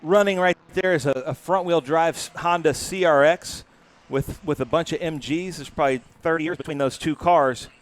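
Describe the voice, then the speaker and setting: A man's voice: a little high, normal speed. A man doing live motorsport commentary as a regular on the broadcast, chatty and enthusiastic about the cars. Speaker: race commentator. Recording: noisy trackside with engine sound.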